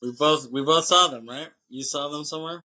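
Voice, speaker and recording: A man's voice: on the high side, brisk, sharp tone. A man co-hosting a movie podcast, chatting casually and rambling as he swears and acts out scenes. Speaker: podcast co-host.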